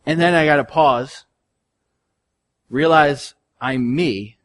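A male pastor preaching a sermon in an earnest, conversational way, his voice swinging from soft to loud. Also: fairly high pitch, takes it slowly.

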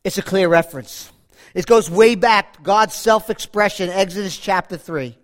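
High-voiced male preacher with dramatic swings. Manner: animated, dramatic swings in volume, slows for quotations; repeats words and restarts mid-phrase. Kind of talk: sermon.

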